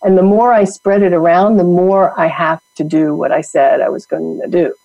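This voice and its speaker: A woman's voice: lowish voice, fairly even intonation, normal speed, creaky, mellow, no room sound, highs cut off. A woman from New York, a guest who founded a women's network, talking emphatically in a motivational coaching way. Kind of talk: motivational podcast talk.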